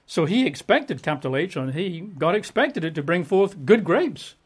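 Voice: medium pitch, big pitch swings, normal speed, slightly rough. A preacher giving a Bible exposition sermon, emphatic and conversational, piling up repeated synonyms with casual asides.

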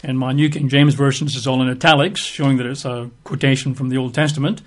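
Talking fast at a medium pitch with fairly even intonation, a man teaches a Bible study in an orderly way. He spells words letter by letter and leans on rhetorical questions and emphatic asides.

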